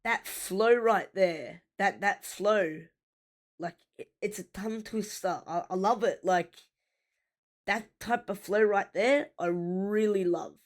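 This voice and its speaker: A woman's voice: medium pitch, slow. A woman giving casual, rambling commentary while reacting to a rap song, with many fillers and half-finished thoughts. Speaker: music reaction host.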